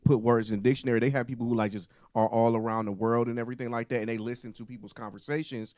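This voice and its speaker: A man's voice: medium pitch, flat delivery, racing, darkish tone, no echo, studio quality. A man co-hosting a casual chat, slangy, often stammering as he starts a sentence.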